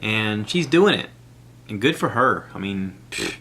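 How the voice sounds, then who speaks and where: Chatty, low-voiced man hosting a podcast. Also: big pitch swings, measured pace, pushed and bright. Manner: chatty, rambling, enthusiastic recommendations. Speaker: podcast host. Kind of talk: solo podcast monologue. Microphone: iPad recording app.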